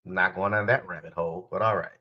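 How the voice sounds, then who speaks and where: A man with a deep, steady voice talks fast over dull-sounding audio. He's a podcast host and spiritual life coach doing a casual solo episode, rambling, addressing his listeners directly and often correcting himself.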